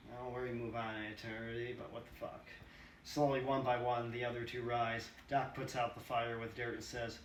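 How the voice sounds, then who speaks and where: A man's voice: medium pitch, level tone, normal speed, a bit bright. Man reading a screenplay aloud. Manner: casual asides, swearing. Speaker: reader. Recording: roomy, distant mic, faint hiss.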